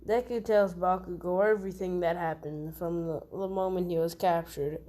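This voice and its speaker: A woman's voice: on the low side, fairly even intonation, moderate pace, warm tone. A woman casually telling a fan-fiction story, rambling and correcting herself as she goes.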